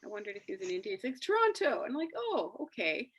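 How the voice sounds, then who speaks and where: A woman's voice: medium pitch, racing, slightly rough. A woman hosting a casual, reflective chat, telling stories animatedly. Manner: animated storytelling, acting out quoted dialogue. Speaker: host.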